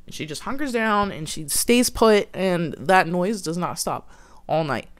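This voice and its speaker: Woman, casual campfire storytelling, chatty with fillers, slightly low voice. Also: animated, a little slow. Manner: chatty, filler-heavy, lots of "like".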